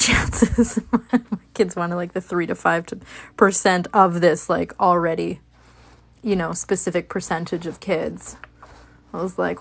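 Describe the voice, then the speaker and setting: A woman's voice: lowish voice, creaky. A woman hosting a crafting video, chatting casually while she works, rambling with lots of fillers and restarts. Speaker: crafting channel host.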